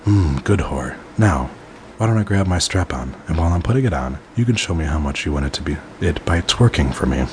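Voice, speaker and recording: A bossy woman wrestler barking orders, read by a man in his own very low voice. The commands come curt and growled, with faint noise behind. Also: lively intonation, a little fast. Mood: commanding.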